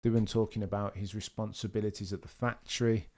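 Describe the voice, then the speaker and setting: A young man with a lowish voice hosts a live race watchalong. He chats casually, reads out viewers' messages and answers them one after another. His talk is loose, with restarts and asides. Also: level tone, fast, few pauses, darkish tone. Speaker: livestream host.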